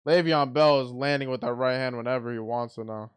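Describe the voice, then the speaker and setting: Guy doing live boxing play-by-play, clean smooth voice, blunt and excitable, trips over his words. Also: medium pitch, fairly quick. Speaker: watch party commentator. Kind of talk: live fight commentary.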